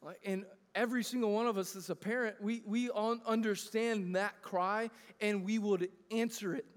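High-voiced preacher in a reverberant hall. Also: male voice, steady tone, moderate pace. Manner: earnest, conversational preaching with frequent restarts. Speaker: pastor. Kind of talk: sermon. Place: church sanctuary. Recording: long reverb of a large hall.

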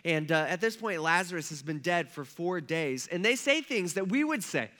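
A man's voice: a little high, big pitch swings, moderate pace, bright, forceful tone. A male pastor giving a casual, conversational sermon, retelling a story and checking in with listeners as he goes.

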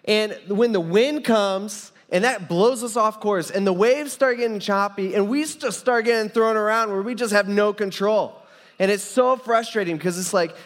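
A young man with a fairly high voice preaches in a casual, rambling way, stopping and restarting as he tells a story. His voice carries a long reverb, like a large church hall. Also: normal speed. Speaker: pastor. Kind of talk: sermon with personal story.

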